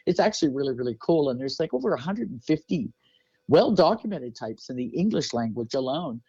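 A man's voice: mid-range voice, big pitch swings, a little fast, warm tone, slightly rough, no room sound. A man hosting an interview in a casual, rambling way, full of fillers and restarts. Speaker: interview host. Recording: dull, dry lo-fi audio.

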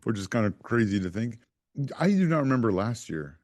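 A man co-hosting a sports podcast, chatting in an easygoing, halting way and often restarting his sentences. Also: fairly low pitch, big pitch swings, darkish tone, dry recording, clean studio sound. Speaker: podcast co-host. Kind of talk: casual sports chat.

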